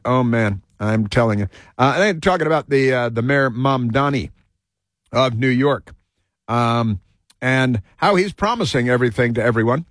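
A man's voice: mid-range voice, a bit bright, dry recording, studio quality. A man hosting a talk show, delivering a rambling monologue full of fillers and restarts.

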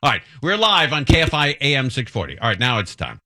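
A man hosting a live talk radio show, teasing guests and callers with quick joking asides. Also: mid-range voice, huge pitch swings, sharp tone, no echo, clean studio sound.

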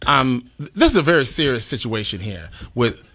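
A man's voice: medium pitch, big pitch swings, moderate pace, pushed and bright, husky. A man hosting a talk radio show, speaking passionately and emphatically, with exclamations.

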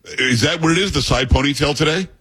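Bright-voiced joking radio host man. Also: a little high, quick pace, breathy edge. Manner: teasing, jokey, rambling with fillers. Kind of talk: casual talk radio banter.

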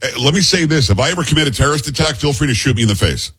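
A man's voice: fairly high pitch, animated, rapid-fire, a bit bright, slightly rough. A man hosting a talk show, giving blunt, heated commentary on the news and sometimes stumbling over names. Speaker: host.

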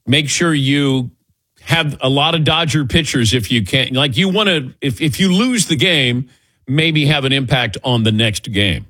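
A man's voice: fairly high pitch, sharp tone, dry recording. A man hosting a sports talk show, chatting loosely and circling his point with restarts. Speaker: sports radio host.

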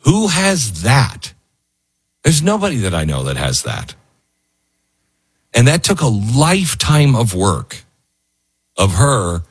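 A man's voice: mid-range voice, wildly swooping pitch, takes it slowly, pauses often, husky. A man hosting a talk show, speaking in an earnest, heartfelt, wandering way. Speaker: radio show host. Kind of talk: emotional talk radio monologue.

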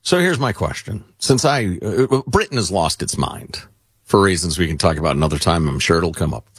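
Man, radio co-host, husky, lower voice, dry sound, joking banter. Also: animated, moderate pace, no echo. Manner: joking, theatrical, swings his pitch widely. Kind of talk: casual talk radio banter.

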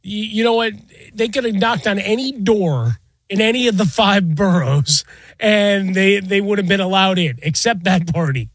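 A man with a high voice co-hosts casual sports banter. He needles his partner with wry teasing. The recording is dry and close. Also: expressive, moderate pace, no echo. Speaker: sports radio co-host.

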